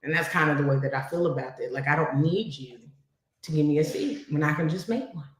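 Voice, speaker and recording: A woman with a slightly low voice speaks as a podcast guest, conversational and reflective, sprinkling in "you know". Her voice rings out in a very echoey room. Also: brisk. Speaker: podcast guest, cybersecurity professional. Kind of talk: casual chat.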